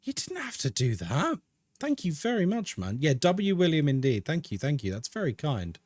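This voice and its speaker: A British man streaming a game, chatting casually, reading chat out loud and laughing often. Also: a little high, huge pitch swings, moderate pace, no room sound, clean studio sound. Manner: chatty, laughs a lot, reads chat aloud.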